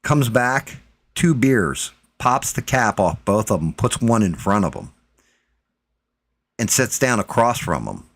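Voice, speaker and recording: A man's voice: on the low side, big pitch swings, a little slow, no echo. A man hosting a live stream, telling a story in casual, profane chat and acting out what people said. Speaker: streamer host.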